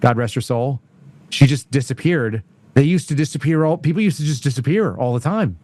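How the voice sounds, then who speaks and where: A mid-pitched man chats as a guest on a political talk show. He rambles and tells stories with animated energy. The sound is dry, with no room echo. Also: a little fast. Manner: rambling, animated storyteller with frequent laughs.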